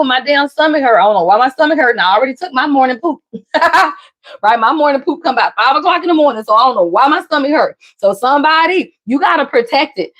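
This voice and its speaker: A woman doing a casual tarot reading for viewers, talking emphatically and often calling out "somebody" and "y'all". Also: fairly bright tone. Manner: emphatic, repeats "somebody" and "y'all", jumps in pitch. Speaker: tarot reader.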